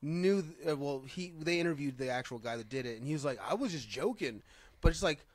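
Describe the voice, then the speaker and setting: A man's voice: a little high, fast talker. A man co-hosting a casual podcast chat, laughing often and repeating words as he talks. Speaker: podcast co-host.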